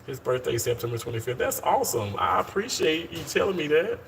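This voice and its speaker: A man's voice: on the high side, sing-song, quick pace, a bit bright, slight background noise. A man in his thirties on a casual live stream, upbeat and talkative, calling viewers y'all and often restarting his sentences. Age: 30s. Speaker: live-streaming surgical worker. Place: hospital.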